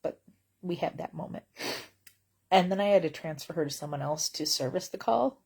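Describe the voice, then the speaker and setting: A woman's voice: deep voice, moderate pace, vocal fry, darkish tone, slightly rough. A woman vlogging from bed at home in casual chat, wry and blunt, rambling with lots of fillers.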